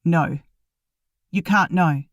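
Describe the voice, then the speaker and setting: A woman reading an audiobook, voicing a worried older male doctor who speaks firmly and slowly. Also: lowish voice, no room sound, clean studio sound. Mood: insistent.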